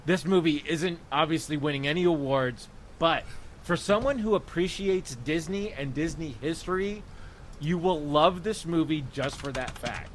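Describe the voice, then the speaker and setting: A man's voice: a little high, moderate pace, slight background noise. A man on a podcast in casual chat, enthusing about a film with rambling restarts. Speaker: podcast co-host.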